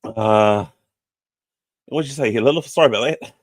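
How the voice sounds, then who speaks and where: A man's voice: medium pitch, normal speed, dry recording. A man with a New Zealand accent hosting a casual livestream podcast, rambling with lots of ums and chummy asides to viewers, his throat sore and catching. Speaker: podcast host.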